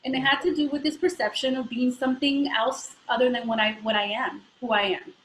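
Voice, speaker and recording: A woman from the Bay Area speaking in a slightly high voice, earnest and reflective, with easy filler pauses. She talks over a computer mic in an echoey room with a faint hiss behind her. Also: steady tone, fairly bright tone. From San Francisco Bay Area. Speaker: guest actor and voice teacher. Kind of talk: casual live interview. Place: home, on a live video call.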